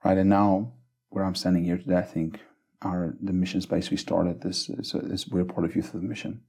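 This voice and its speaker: A man's voice: low voice, level tone, brisk, darkish tone, slightly rough. A man from South Africa, a guest on a faith podcast, telling stories earnestly, often stumbling over repeated words and checking in with "right?". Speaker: missions base leader, guest. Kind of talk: conversational storytelling interview.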